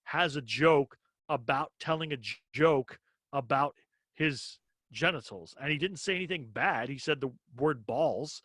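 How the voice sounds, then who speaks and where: A man's voice: medium pitch, measured pace, a bit bright, no room sound. A man co-hosting a comedy podcast, talking casually and with strong opinions, often acting out quoted exchanges.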